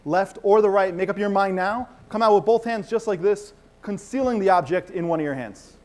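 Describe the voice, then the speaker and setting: This male stage mentalist has a high voice and speaks fairly quickly, full of energy. He runs a live show with audience participation in a large conference hall, commanding the room and doing playful crowd work.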